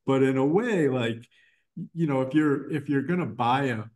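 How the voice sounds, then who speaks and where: A man's voice: medium pitch, moderate pace, darkish tone. A middle-aged man speaking as a guest in a casual interview, rambling with many restarts and fillers. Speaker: guest, designer and art professor. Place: his art gallery.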